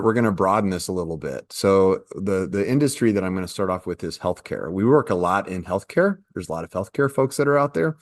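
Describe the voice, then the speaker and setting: Guy hosting a podcast, lowish voice, kidding around then explaining stuff, dry close sound. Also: dry recording. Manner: playful, joking, then explaining at length. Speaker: podcast host. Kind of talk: casual podcast chat.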